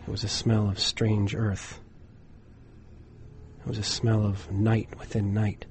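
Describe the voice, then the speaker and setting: Slow, low-voiced male storyteller. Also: monotone, a little hiss or hum. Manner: measured, dropping to a hush for suspense. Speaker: narrator. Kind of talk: dramatic horror story reading.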